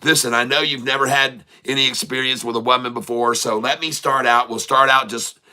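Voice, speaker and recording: Give me a man playing a seductive woman, coaxing softly, with a very bright voice. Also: medium pitch, fairly even intonation, brisk.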